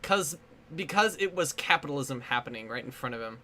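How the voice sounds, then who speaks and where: Lively bright-voiced man laughing through commentary. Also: mid-range voice, brisk. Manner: laughs often, chatty and playful. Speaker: commentary host. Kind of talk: casual movie commentary chat.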